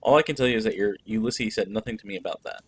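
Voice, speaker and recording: A man reading the lines of a friendly middle-aged Greek cook in a narrative game, in a relaxed, matter-of-fact way. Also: on the low side, rapid-fire, breathy edge. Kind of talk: reading game dialogue aloud.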